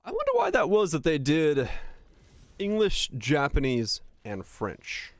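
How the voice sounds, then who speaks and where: A man's voice: on the high side, wildly swooping pitch, unhurried, no room sound. A young man streaming a game, chatting casually and swearing freely while he plays. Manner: casual, profane, chatty with chat. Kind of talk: casual gaming stream chat.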